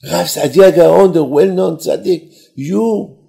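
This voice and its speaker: A man's voice: medium pitch, expressive, normal speed, gravelly, mellow. A man voicing an anxious male homeowner who begs forgiveness from his guest. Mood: pleading. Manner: begging, apologetic.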